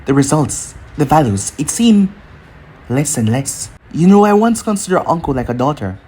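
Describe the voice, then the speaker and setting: A man's voice: a little high, darkish tone, breathy edge. Orochimaru, a synthetic man voicing a bitter ninja villain. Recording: faint music underneath.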